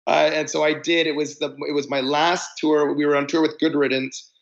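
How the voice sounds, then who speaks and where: Gravelly man telling tour stories. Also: a little high, little pitch movement, a little fast. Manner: rambling, many restarts, stretches words for effect. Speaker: podcast guest, musician. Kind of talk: casual chat, storytelling. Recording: slightly dull lo-fi audio.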